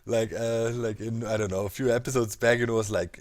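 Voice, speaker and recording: A man's voice: fairly low pitch, fairly even intonation, quick pace, hardly any pauses. A man casually commenting while he builds in a video game, thinking aloud with many fillers and asides. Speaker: Minecraft let's player.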